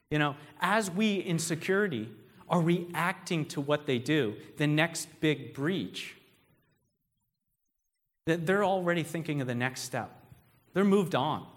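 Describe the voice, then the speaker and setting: A man's voice: fairly high pitch, fairly bright tone. A man giving a conversational keynote talk, telling stories and putting questions to the audience. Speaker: speaker. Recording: long hall reverb.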